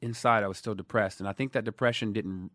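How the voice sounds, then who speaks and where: A man in his thirties from Dallas, telling stories in a casual interview, animated, swinging between loud emphasis and quiet asides. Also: fairly low pitch, fast talker, dry recording, clean studio sound. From Dallas, USA. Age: 30s. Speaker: guest.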